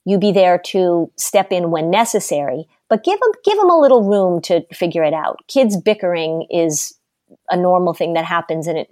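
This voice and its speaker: A middle-aged woman giving parenting advice in a podcast conversation, emphatic and animated as she tells stories. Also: fairly low pitch, dry recording, studio quality. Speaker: parenting expert guest.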